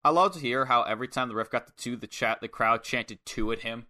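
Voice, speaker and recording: A young man with a bright, mid-pitched voice, walking through a wrestling match move by move. His talk is relaxed and loose, with swearing dropped in freely. He sounds like a regular chatting with a friend. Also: fast. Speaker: podcast co-host. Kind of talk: casual wrestling review chat.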